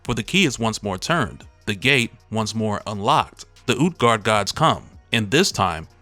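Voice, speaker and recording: A man's voice: lowish voice, big pitch swings, a little slow, bright, forceful tone, dry recording, faint music behind, full character voice. A man reading out the lines of an ominous male hunter god in a grave, foreboding way.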